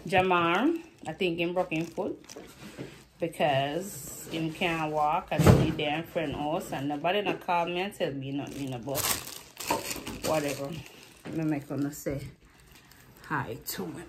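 A woman's voice: low voice, measured pace, heavy background noise. A woman with a Jamaican accent chatting casually to her vlog camera in a loose, rambling patois-laced way. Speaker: vlogger.

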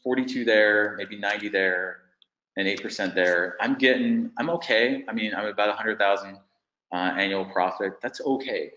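Low, bright-toned man hosting a webinar, in a roomy echo. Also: moderate pace, lo-fi sound. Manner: thinks aloud while working through figures on screen. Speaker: webinar presenter. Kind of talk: business webinar walkthrough.

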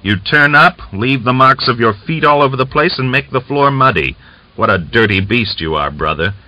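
A man's voice: lowish voice, sing-song, brisk, bright, forceful tone, voice pushed up, heavily acted. A man voicing a cold, bold male Cossack executioner who speaks with mocking bluntness. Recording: dull lo-fi audiobook recording.

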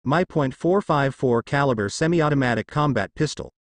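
A man's voice: mid-range voice, lively intonation, moderate pace, no room sound, lightly acted. A man reading the part of a cold, menacing teenage ninja boy with vampire powers, in a cool and threatening way.

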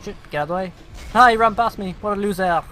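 A man's voice: high-pitched, fast, sharp tone, slight background noise. A British man giving sarcastic, profane let's play commentary and taunting the enemies on screen.

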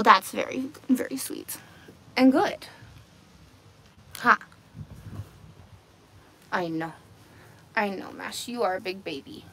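A woman's voice: a little high, fairly bright tone, a little hiss or hum. Woman cooing baby talk to goats. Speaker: livestream host on a goat farm. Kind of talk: casual livestream chat. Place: outdoors among goats in a pen. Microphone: phone on a selfie stick.

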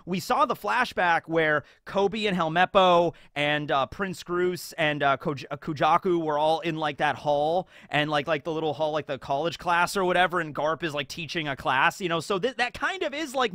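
Man, casual rambling commentary, slightly high voice, dry close sound. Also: normal speed, hardly any pauses, fairly bright tone, no room sound. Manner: rambling, with many fillers. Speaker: video host.

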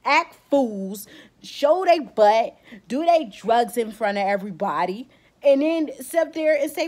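Lady vlogger going off in a heated rant, kinda high voice, teary and blunt. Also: animated, measured pace, a little mellow. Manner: fired-up, emotional and blunt, with casual slang. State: close to tears. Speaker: beauty vlogger.

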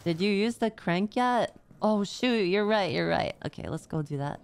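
A woman streamer chatting playfully and excitably while commenting on her gameplay. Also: medium pitch, moderate pace, vocal fry, a little hiss or hum.

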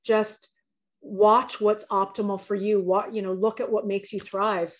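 A woman's voice: medium pitch, level tone, unhurried. Earnest woman guest, thinking aloud. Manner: earnest, repeats words as she thinks aloud. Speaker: podcast guest; coach. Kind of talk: candid conversational storytelling.

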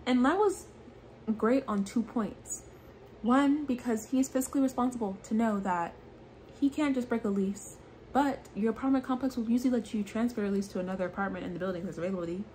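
A young adult woman giving a chatty, animated recap of a reality dating show, peppering her talk with "like". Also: fairly high pitch, quick pace, a little hiss or hum. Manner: chatty, animated quoting with frequent "like". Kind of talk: casual recap commentary. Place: apartment in New York.

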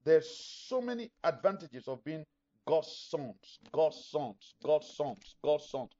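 A middle-aged male pastor delivers an emphatic sermon, voicing the objections of imagined listeners as he goes. His voice sits a little high for a man. The recording is dull and lo-fi. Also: very animated, slow, dark tone.

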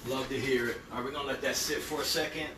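A man's voice: mid-range voice, fairly even intonation, fast talker, roomy sound, distant mic, background noise. A middle-aged man, hosting a casual cooking livestream with playful exclamations, in a home kitchen. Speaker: home cook and host. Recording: kitchen with clattering dishes.

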